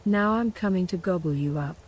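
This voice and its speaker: A woman's voice: lowish voice, a little fast, a little hiss or hum, natural voice. A woman whispering as a greedy bridge troll, in whispered role-play. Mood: greedy menace. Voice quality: whispered, soft. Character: greedy hulking male troll under a bridge.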